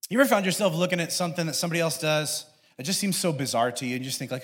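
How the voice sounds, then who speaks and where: A man giving a sermon as a pastor, telling family stories in a lively way and acting out his children's voices. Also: fairly high pitch, very fast. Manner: lively storytelling, acts out his kids' voices.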